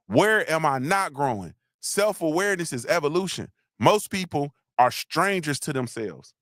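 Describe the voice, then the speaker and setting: A man hosts a motivational livestream, joking and preaching straight to his viewers. His voice sits a bit high. The sound is dry and close, with no room echo. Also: a bit bright. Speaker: livestream host. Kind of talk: casual motivational livestream talk.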